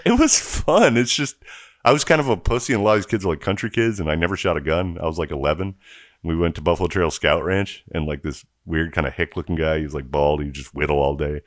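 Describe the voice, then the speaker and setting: A man's voice: deep voice, fast, no echo, clean studio sound. A man co-hosting a casual podcast chat who tells long, candid stories, acts out the people he quotes and laughs between lines. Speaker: podcast co-host.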